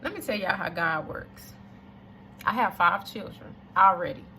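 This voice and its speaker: An emphatic woman, speaking straight to her viewers. Her voice is bright and forceful, with a gravelly fry, and a faint hiss of noise sits behind it. She drives her points home by repeating them. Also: lowish voice, animated, unhurried. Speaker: storyteller addressing viewers. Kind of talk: casual testimony to camera.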